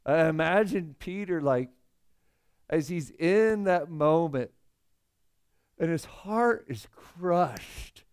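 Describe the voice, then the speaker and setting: A man's voice: fairly high pitch, lively intonation, slow pace, long pauses, smooth. Earnest young man preaching a sermon. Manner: conversational, earnest, swells loud on emotional points. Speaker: pastor.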